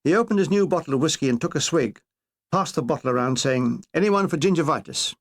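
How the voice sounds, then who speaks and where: An older man reading his own comic memoir with wry, deadpan asides. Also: a little high, fast. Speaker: author narrating his memoir.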